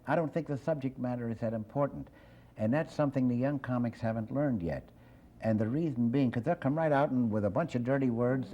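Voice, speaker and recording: Older man, comedian guest, quick wisecracks, mellow tone, muffled lo-fi sound. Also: mid-range voice. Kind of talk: casual interview chat with joke-telling. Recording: dull lo-fi old TV recording.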